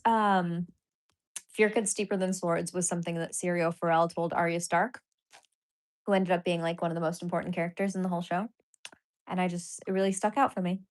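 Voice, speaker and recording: A woman hosting a casual live stream, chatting loosely with viewers, reading their comments aloud and laughing often. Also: on the low side. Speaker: livestream host.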